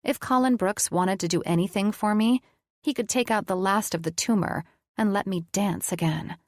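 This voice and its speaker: A woman's voice: medium pitch, normal speed, no echo, studio quality. A woman narrating a romance audiobook in first person, in an intimate, confiding way.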